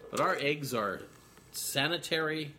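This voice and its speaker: A man's voice: a little high, expressive, measured pace, pushed and bright, slight background noise. A man, co-hosting a casual cocktail show, telling stories in a rambling way full of uhs and restarts. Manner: rambling with many fillers and restarts. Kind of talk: casual chat.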